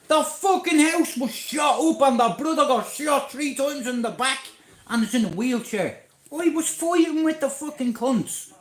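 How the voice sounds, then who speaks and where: Irish man, raised voice for a guy, profane storyteller on a livestream, echoey room. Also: very high voice. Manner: blunt, swearing, animated storyteller.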